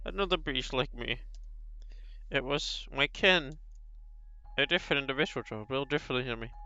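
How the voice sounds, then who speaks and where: A brooding male beast who longs to be human, as a man reads him aloud, slow and solemn, with pauses between phrases. The voice is bright and smooth, with a gravelly edge. It comes through a slightly dull, lo-fi stream recording. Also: medium pitch, dry recording. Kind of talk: reading a visual novel aloud.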